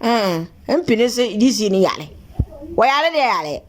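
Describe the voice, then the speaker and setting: A woman's voice: a little high, sing-song, measured pace, slight background noise. A woman presenting local news commentary in a chatty, teasing way.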